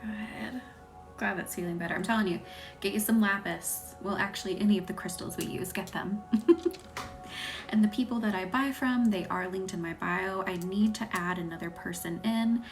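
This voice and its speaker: A woman from the American South with a light Southern accent, hosting a live Reiki stream. She chats with viewers and thanks them by name, and often drops into a soft whisper. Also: medium pitch, normal speed, faint music behind. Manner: chatty, laughs easily, thanks viewers by name. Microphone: phone or webcam on a live stream.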